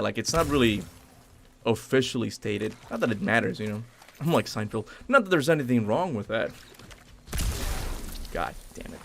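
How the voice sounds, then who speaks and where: A young man chats loosely over his gameplay, trailing off and restarting his thoughts with quick laughs. His voice is gravelly, with a lively, swinging pitch and a faint noise underneath. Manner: rambling, self-correcting, laughs often. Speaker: gaming streamer. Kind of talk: casual live commentary over gameplay.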